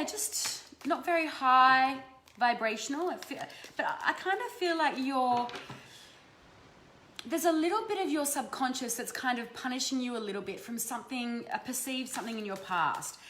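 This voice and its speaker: A woman's voice: a little high, fairly bright tone. An Australian woman hosting a live stream of energy readings, casual and affectionate, swearing freely. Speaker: host giving energy readings. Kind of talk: live-stream chat with viewers. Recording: roomy echo, faint background noise.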